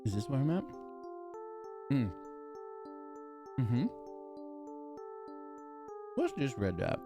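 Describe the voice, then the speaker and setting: A man's voice: mid-range voice, sing-song, very slow, over music. A man streaming a video game live, rambling casually and talking to himself.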